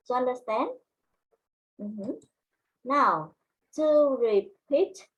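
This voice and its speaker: Vietnamese-accented woman, English teacher, husky voice, unhurried classroom delivery. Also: a little high, a bit bright, highs cut off. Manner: slow, deliberate, repeats words for learners. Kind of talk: classroom lesson.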